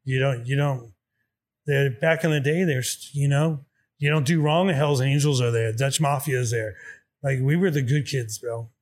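A man's voice: medium pitch, normal speed. A man telling a story in casual chat, swearing freely and acting out both sides of the dialogue. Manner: profane, animated, acts out dialogue.

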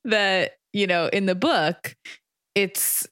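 A woman co-hosting a podcast who recounts a book in casual chat, unhurried and often laughing as she tells it. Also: mid-range voice, fairly bright tone, smooth, no echo, studio quality. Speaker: podcast co-host.

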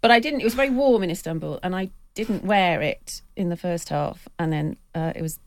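Lively woman storyteller, low voice, dry sound. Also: brisk, no room sound. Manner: lively storyteller who acts out quoted voices. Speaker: football writer and podcast panellist. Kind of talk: anecdotal storytelling on a podcast.

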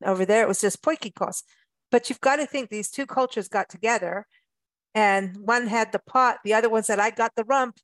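A woman's voice: medium pitch, normal speed, no room sound. A woman from Africa, hosting a travel radio show in casual chat, chatty and playful with frequent laughs. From South Africa.

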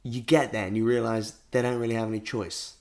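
A man's voice: medium pitch, level tone, fairly quick. A man chatting casually, crude and full of jokes and swearing. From England. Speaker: musician guest. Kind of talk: casual chat.

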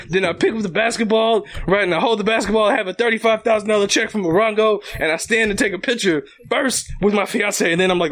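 A young man co-hosting a comedy podcast, telling a story in an animated way, laughing often and swearing freely. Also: high voice, quick pace, few pauses. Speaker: podcast co-host. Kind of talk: casual comedy podcast banter.

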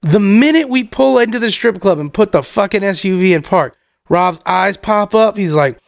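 A man co-hosting a podcast, telling a profane story in a casual, animated way and acting out his friends' lines. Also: sits high, fairly quick, creaky, dry recording, studio quality.

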